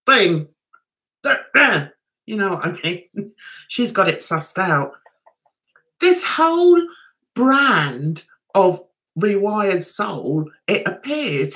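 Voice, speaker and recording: Lively, bright-voiced woman streamer. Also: medium pitch. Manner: chatty, indignant and emphatic, chatting with viewers. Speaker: YouTube host. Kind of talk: livestream commentary.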